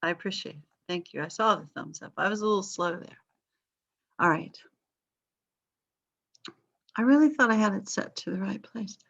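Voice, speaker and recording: A woman's voice: medium pitch, normal speed, creaky, pauses often, fairly bright tone, slightly rough, highs cut off. Chatty middle-aged woman teaching history. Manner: chatty, informal, with asides and fillers. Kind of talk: online class lecture. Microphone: video call.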